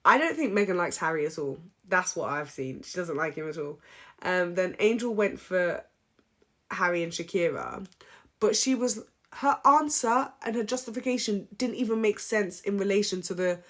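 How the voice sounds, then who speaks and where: A woman giving a casual, opinionated recap, chatty and animated, with frequent ums. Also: medium pitch, normal speed. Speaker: reality show recap vlogger.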